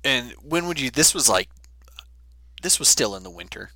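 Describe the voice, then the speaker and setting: A man's voice: medium pitch, big pitch swings, normal speed, bright, forceful tone. A man co-hosting a podcast, telling a story casually and animatedly with lots of fillers.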